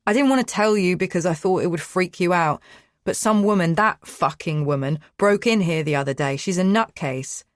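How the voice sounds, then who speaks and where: A man's voice: high-pitched, moderate pace, no room sound, studio quality, lightly acted. A woman doing an agitated man's voice. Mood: defensive. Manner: swearing, agitated then soothing. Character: flustered British man, defensive then coaxing.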